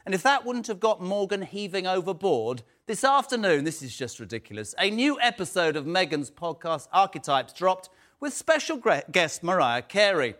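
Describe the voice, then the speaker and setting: A man hosting a TV debate, asking pointed questions in an emphatic, animated way. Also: high-pitched, moderate pace. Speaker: stand-in talk show host.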